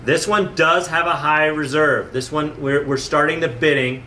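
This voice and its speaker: Bright rambling man, enthusiastic. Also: on the high side, steady tone, moderate pace, a little hiss or hum. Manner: rambling, stumbling over repeated words; enthusiastic, gets emotional. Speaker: nature center owner presenting animals. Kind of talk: casual video talk to viewers.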